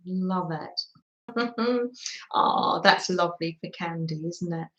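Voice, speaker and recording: A woman's voice: lowish voice, takes it slowly, roomy sound, dull audio. An English woman hosting a live crafting stream, chatting to viewers in a gushing way with frequent little laughs. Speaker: craft livestream host.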